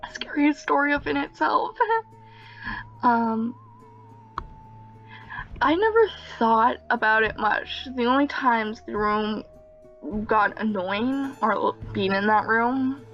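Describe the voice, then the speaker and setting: A woman's voice: a little high, slow pace, long pauses, a bit bright, lo-fi sound, soft background music. A young woman casually telling a personal story, rambling with many fillers and small nervous laughs. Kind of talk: casual story time narration.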